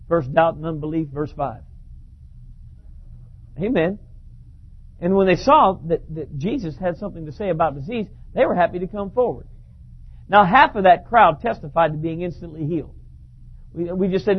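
Husky high-voiced male preacher. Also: fairly quick. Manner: storytelling, repeats himself, animated. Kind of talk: sermon. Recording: dull lo-fi recording.

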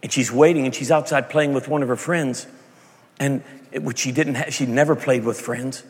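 A man preaching in a big hall, his voice gravelly with fry. He tells a story quietly at first, then rises to loud, impassioned cries, and long reverb trails after every line. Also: mid-range voice, steady tone, moderate pace. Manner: storytelling, building to shouted passionate climaxes. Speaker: pastor. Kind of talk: sermon.

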